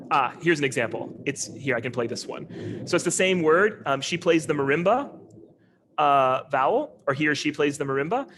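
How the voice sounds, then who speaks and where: Relaxed man giving a casual lecture. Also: a little high, a little hiss or hum. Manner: relaxed and conversational, with many ums and uhs. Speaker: linguistics lecturer. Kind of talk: informal academic lecture. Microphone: video call.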